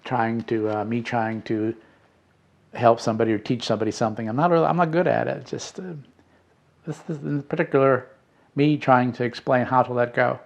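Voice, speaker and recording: A middle-aged man reading out letters and reflecting, in a slow, halting way with fillers and restarts. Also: mid-range voice, fairly even intonation, creaky. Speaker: spiritual podcast host.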